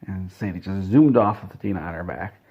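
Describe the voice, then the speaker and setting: Low, husky man telling a deadpan tale. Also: fairly quick, lo-fi sound. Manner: deadpan, rambling with self-corrections. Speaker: comedic storyteller. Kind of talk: absurd comedic story told straight-faced.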